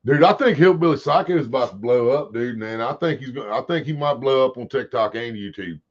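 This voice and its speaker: A man's voice: mid-range voice, fairly quick. A man hosting a casual livestream, rambling and swearing as he talks to his chat. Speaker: livestream host. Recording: dull lo-fi stream audio.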